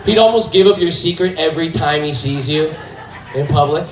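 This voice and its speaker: A male stand-up comedian tells a story in a high, animated voice. The sound is roomy, picked up from a distance on stage, with faint background noise. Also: normal speed. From United States. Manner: lively storytelling that switches into character voices.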